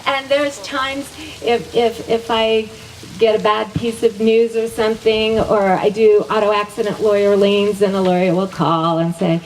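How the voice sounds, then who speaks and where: Heard from a distance with faint background noise, a middle-aged woman teaching a class leads affirmations, repeating every phrase twice upbeatly and laughing a lot. She's a wellness teacher whose mid-range, darkish voice comes across flat and a little slow.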